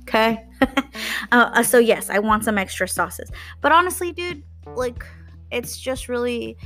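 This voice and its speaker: A woman's voice: fairly high pitch, animated, measured pace, a bit bright, faint music behind. A young woman from Texas hosting a podcast, ranting about customers in a blunt, profane, sarcastic way. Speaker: podcast host. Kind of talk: casual rant.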